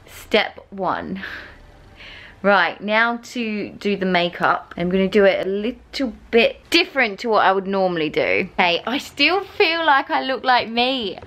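A woman's voice: mid-range voice, big pitch swings, unhurried, fairly bright tone. A young Australian woman chatting casually to camera in a bubbly, giggly way from a small indoor room. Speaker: vlogger. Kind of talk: casual vlog chat.

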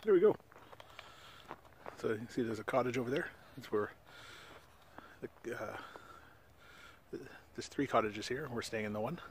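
Canadian guy, mid pitch, relaxed rambling vlogger, outdoor lake ambience faint behind. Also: normal speed, long pauses, a little hiss or hum. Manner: laid-back, rambling with many fillers. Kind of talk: casual outdoor vlog. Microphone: camera on tripod.

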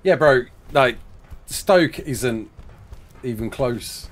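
Chatty, lively young male game streamer. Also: mid-range voice, very slow. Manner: chatty, joking, reads chat aloud, laughs often. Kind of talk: live game stream chat.

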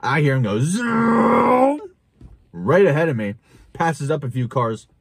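A young man telling a wild story to camera in a casual, animated way, laughing and swearing as he goes. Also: mid-range voice, normal speed, husky, dry recording. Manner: animated, chuckling, swearing, with restarts. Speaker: vlogger.

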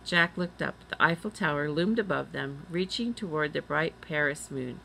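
A woman reading a children's chapter book aloud, doing the children's lines a little higher. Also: animated, moderate pace, vocal fry, bright, forceful tone, a little hiss or hum, poor audio. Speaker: reader. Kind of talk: storybook read-aloud.

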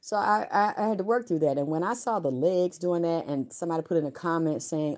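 Low-voiced middle-aged woman, frank and rambling. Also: a little fast, hardly any pauses, darkish tone. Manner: frank, rambling, salty, with profanity. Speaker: vlogger. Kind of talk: candid personal storytelling.

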